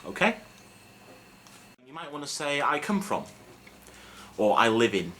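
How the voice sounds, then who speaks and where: A young man teaching a casual video lesson in a relaxed, self-mocking, chatty way with lots of fillers. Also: mid-range voice, a little slow. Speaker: Welsh language teacher. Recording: faint background noise.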